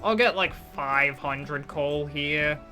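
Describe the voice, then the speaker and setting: Casual live-streamer, mid-range voice, rambling and self-deprecating, soft game music underneath. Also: mid-range voice, takes it slowly. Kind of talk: casual live-stream chat while gaming.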